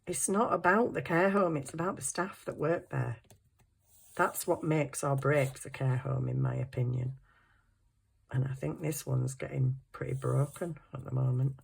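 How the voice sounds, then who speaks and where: A woman's voice: rumbling low, fairly even intonation, unhurried, creaky, a little mellow, slightly rough. A middle-aged woman, chatting to herself while crafting in a casual vlog, flustered and apologetic. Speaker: craft channel host.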